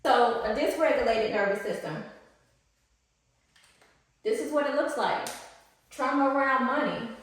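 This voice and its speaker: Slangy, animated woman coach with a fairly high voice, heavy room echo. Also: far from the mic. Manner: animated, slangy, acts out high-pitched quotes. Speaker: spiritual life coach. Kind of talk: casual teaching to camera. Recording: very echoey room.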